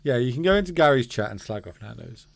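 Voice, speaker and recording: A man's voice: medium pitch, expressive, fast, creaky, dry recording. A man streaming a card game, chatting casually with his viewers, joking and swearing.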